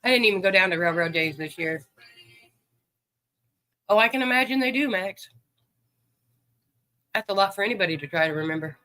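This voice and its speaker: A man's voice: high-pitched, lively intonation, a little fast, pauses often, sharp tone, dry recording, low-quality recording. A man hosting a livestream, chatting easily with viewers and greeting them by name. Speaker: livestream host. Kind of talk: casual chat with viewers.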